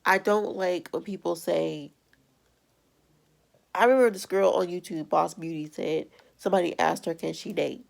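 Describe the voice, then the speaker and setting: A woman's voice: lowish voice, fairly even intonation, normal speed, creaky. A young adult woman vlogger ranting bluntly and with exasperation in a casual video. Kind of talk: casual vlog rant.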